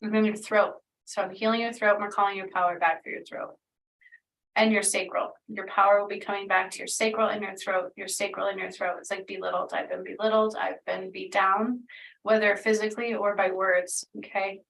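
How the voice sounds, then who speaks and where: Woman healer, rambling and earnest, with fry in the voice and a distant mic. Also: mid-range voice, little pitch movement, a little fast, a bit bright. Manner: meandering, filler-heavy, earnest. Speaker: spiritual healer channeling energy. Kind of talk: casual spoken energy reading.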